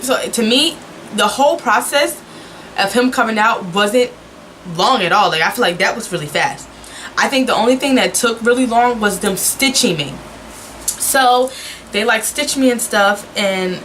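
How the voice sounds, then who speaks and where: A young adult woman vlogger telling a personal story in a chatty, animated way. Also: on the high side, slight background noise, poor audio. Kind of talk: casual storytelling.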